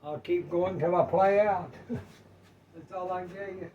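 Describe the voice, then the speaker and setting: An older man, rambling in a folksy way as he cooks in his kitchen. His voice is a touch higher than most men's and very unhurried. He sits back from the mic, with a faint hum in the room. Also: steady tone, far from the mic, dull audio. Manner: folksy, rambling, talks to viewers as y'all. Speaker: cooking vlogger. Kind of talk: casual home cooking chat. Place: home kitchen.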